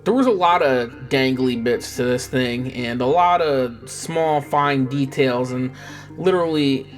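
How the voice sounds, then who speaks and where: A young man rambles casually about his painting, joking, cursing and drifting off mid-thought. His voice sits at an ordinary middle pitch, with faint guitar music playing underneath. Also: a little slow. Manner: rambling, joking, swearing, trailing off. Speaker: miniature painting YouTuber.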